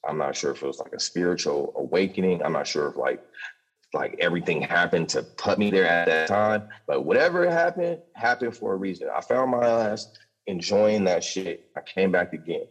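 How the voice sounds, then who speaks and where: A deep-voiced young man with a husky edge tells his story in a loose, profane rush. He stumbles through quick restarts and keeps the talk raw and candid. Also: animated, faint music behind. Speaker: podcast guest telling his recovery story.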